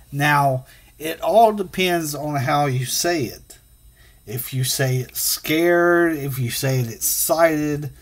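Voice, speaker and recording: A man with a voice on the high side teaches children a phonics and punctuation lesson. He sounds out the letters slowly and patiently.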